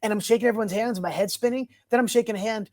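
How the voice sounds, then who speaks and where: A man guesting on a podcast tells his story with lots of energy, racing ahead and then doubling back to fill in what he skipped. His voice is recorded close and dry, with no room echo. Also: sits high. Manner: animated, rushes ahead and backtracks. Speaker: guest, TV host. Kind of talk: casual storytelling interview.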